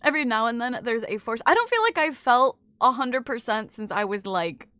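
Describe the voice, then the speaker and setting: Bright-voiced chatty woman streamer. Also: on the high side, animated, fairly quick, smooth, no room sound, clean studio sound. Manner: chatty, filler-heavy, trailing off with "I don't know". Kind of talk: casual chat reading viewer messages. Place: in bed at home.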